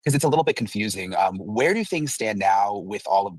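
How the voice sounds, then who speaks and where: A male host introducing his producer in a quick, chatty way. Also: on the low side, animated, darkish tone, slightly rough, no room sound, far from the mic, low-quality recording. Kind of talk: podcast interview introduction.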